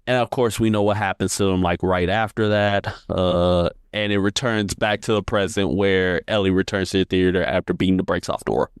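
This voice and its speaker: A man's voice: low-pitched, a little fast, few pauses, clean tone, dry recording, studio quality. A man co-hosting a podcast, recapping a TV episode in a loose, rambling way, full of "like" and "uh". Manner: relaxed, rambling, lots of fillers. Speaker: podcast co-host. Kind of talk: casual recap chat.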